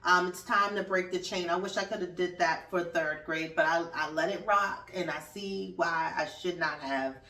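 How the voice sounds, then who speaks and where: A woman in her thirties hosting her podcast in casual solo chat, animated, swearing and laughing as she talks. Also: lowish voice, moderate pace, hardly any pauses, recorded from a distance. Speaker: podcast host. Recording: roomy echo, off-mic.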